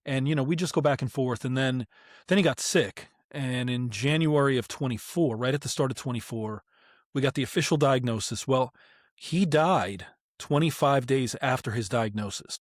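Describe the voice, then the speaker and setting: A man hosting a podcast, speaking reflectively in casual conversation with pauses. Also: medium pitch, dry recording, clean studio sound. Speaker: podcast host.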